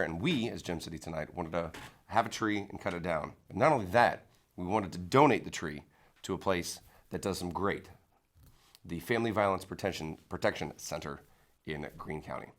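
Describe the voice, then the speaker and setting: A low-pitched man hosts a local talk show, delivering a casual comedic monologue before a small studio audience. He sounds incredulous and laughs along as he goes.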